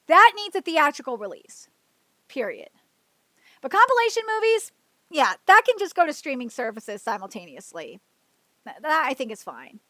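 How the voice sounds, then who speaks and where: A woman's voice: high voice, big pitch swings, moderate pace, pushed and bright, no room sound. A woman hosting a livestream, ranting heatedly and profanely, rambling with restarts and fillers. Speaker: livestream host. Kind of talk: livestream commentary rant.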